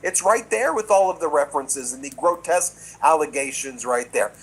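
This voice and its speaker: Combative high-voiced man speaking publicly. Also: lively intonation, moderate pace, slightly rough, poor audio. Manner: combative, mocking. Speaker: politician. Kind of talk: public speech.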